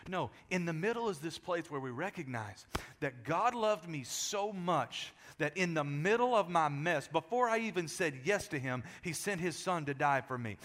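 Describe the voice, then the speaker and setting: A man preaching a sermon in a large church, animated and joking with the congregation, often repeating words as he restarts. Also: on the high side, normal speed, few pauses. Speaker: pastor. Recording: echoey hall.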